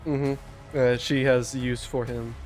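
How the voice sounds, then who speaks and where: A young man running a tabletop game as game master, talking in a loose, relaxed way with lots of fillers and restarts. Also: medium pitch, slow pace, faint music behind. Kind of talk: casual tabletop game narration.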